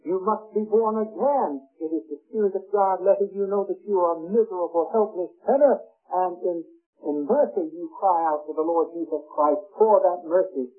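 A man delivers a sermon in a high, husky voice, pressing each point with earnest emphasis. The sound is thin and tinny, like an old radio broadcast, with faint music beneath. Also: moderate pace. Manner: earnest, emphatic, rising on key words. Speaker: preacher.

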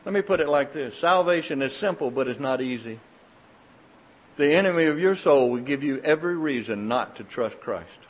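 An older man preaching a sermon, telling folksy stories in an animated, emphatic way. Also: mid-range voice, slightly rough.

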